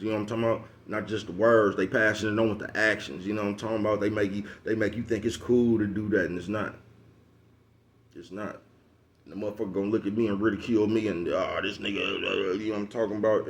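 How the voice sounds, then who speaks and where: A man's voice: fairly low pitch, a little hiss or hum. A man giving a casual, profane advice monologue, preaching to his listeners and leaning on repeated asides like "you know what I'm talking about". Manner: slangy, calls listeners bruh and folks. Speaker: vlogger giving street advice.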